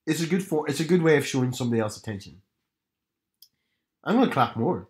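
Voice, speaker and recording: A man co-hosting a podcast in casual chat, playful and teasing, with his voice jumping up in pitch on jokes. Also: lively intonation, fast talker, a little mellow. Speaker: podcast co-host.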